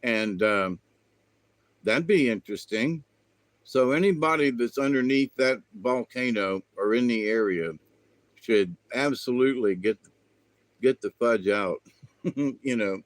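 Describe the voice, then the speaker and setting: A man's voice: mid-range voice, unhurried, no room sound. A man hosting his own spiritual channel, talking in a meandering, folksy way with lots of fillers. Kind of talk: rambling spiritual monologue.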